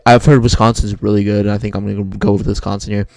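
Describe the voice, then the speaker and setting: Fast, gravelly young man rambling picks. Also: fairly low pitch, little pitch movement, darkish tone, no room sound. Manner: rambling, self-correcting, restarts often. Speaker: sports video creator. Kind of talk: casual bracket picks talk.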